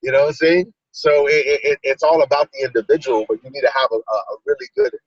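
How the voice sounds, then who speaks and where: A man's voice: mid-range voice, very animated, quick pace, slightly rough, dry recording, far from the mic. A middle-aged man in a casual motivational chat who rambles, restarts and fills with "you know". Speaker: discussion participant. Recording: dull lo-fi video call audio.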